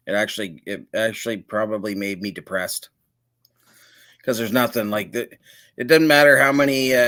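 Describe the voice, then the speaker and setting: A man's voice: fairly low pitch, bright, forceful tone. A man chatting casually on a video call, rambling with lots of filler words and chuckling often. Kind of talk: casual chat.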